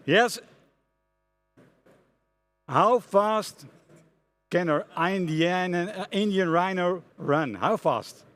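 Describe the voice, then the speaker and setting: A middle-aged man with a Dutch accent speaks from a conference stage. His voice sits somewhat high for a man. He tells his story in an animated way, stopping often to restart his sentences. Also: extremely slow, pauses often, no echo, soft background music. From Netherlands. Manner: animated, many hesitations and restarts. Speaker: conference speaker, front-end architect.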